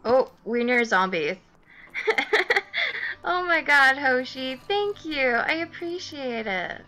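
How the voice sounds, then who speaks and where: A woman streaming a game with a high, bright voice that swings widely in pitch. She talks at an unhurried pace, giggles easily and warmly thanks her viewers. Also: very animated. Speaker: livestreamer greeting chat. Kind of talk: casual live gameplay chat.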